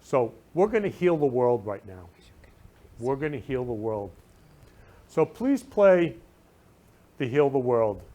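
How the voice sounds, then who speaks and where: A man's voice: medium pitch, big pitch swings, slow pace, long pauses, mellow. A man hosting his talk show from his room, speaking effusively and repeating loving phrases with emphatic stress. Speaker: show host. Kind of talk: casual talk show monologue.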